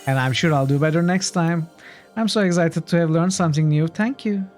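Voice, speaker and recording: A man's voice: fairly high pitch, very animated, moderate pace, soft background music, pitched above the performer's own voice. A man voicing a timid, sweet-natured young woman in a role-playing game, with a meek, apologetic manner. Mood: relieved.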